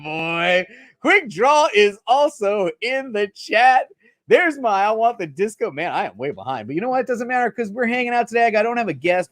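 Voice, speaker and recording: A middle-aged man hosting a casual live stream, excitedly shouting out viewers in the chat. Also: high voice, no room sound. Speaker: livestream host.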